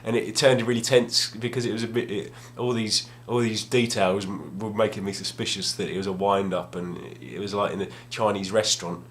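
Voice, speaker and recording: A man's voice: fairly low pitch, steady tone, a little fast, few pauses, slight background noise. A young man telling a rambling, self-deprecating story at home, casual and full of restarts. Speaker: gaming vlogger. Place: home room, at a table.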